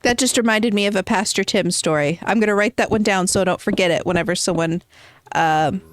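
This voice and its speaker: A woman's voice: mid-range voice, fairly quick, dry recording, clean studio sound. A woman streaming a game from home, chatting casually and rambling as she answers her chat.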